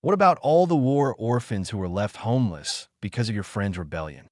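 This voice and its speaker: A man's voice: lowish voice, expressive, a little fast, a little mellow, no echo, studio quality, lightly acted. A man reading a sarcastic young male ninja in a fan story, mocking and lecturing. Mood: angry lecturing.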